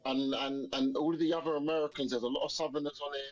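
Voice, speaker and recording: A man's voice: a little high, steady tone, fast talker, highs cut off. A man with a South London accent joining a casual chat as a guest, friendly and teasing with hesitant restarts. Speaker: guest caller.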